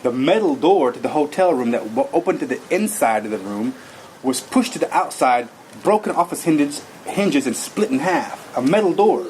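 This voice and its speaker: A man's voice: a little high, animated, normal speed, darkish tone, a little hiss or hum, rough recording. A man recounting a personal experience in an earnest, rambling way, full of fillers and restarts. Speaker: guest telling his story. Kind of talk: personal testimony.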